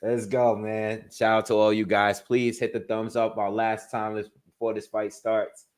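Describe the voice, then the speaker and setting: A man with a low-set voice hosting a relaxed livestream from a home setup. He runs through viewer shout-outs in quick bursts and thinks aloud, with restarts, as he gives his own picks. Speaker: boxing livestream host. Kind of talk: casual livestream chat, reading viewer comments.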